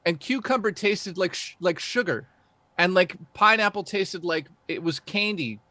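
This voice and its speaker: Animated Canadian man telling stories. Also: high-pitched, moderate pace, no echo. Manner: animated storyteller, swears, laughs often. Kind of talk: casual livestream chat.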